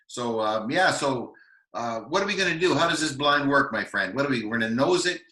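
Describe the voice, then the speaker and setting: Canadian dude gushing over whisky, bright sharp voice, lots of ums, roomy echo. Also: male voice, medium pitch, animated. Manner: enthusiastic, halting with many fillers. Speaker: co-host of a whisky tasting show. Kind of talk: casual tasting chat.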